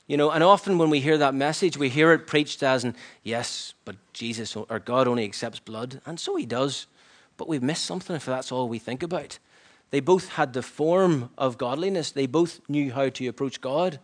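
A man preaching a sermon in an earnest, reflective way, often dropping to a hushed near-whisper. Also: fairly high pitch, normal speed.

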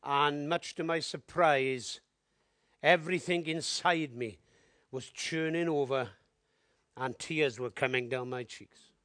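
A man preaching a sermon, telling his testimony in an animated storytelling way and building to emphatic appeals. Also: a little high, slow pace, no room sound.

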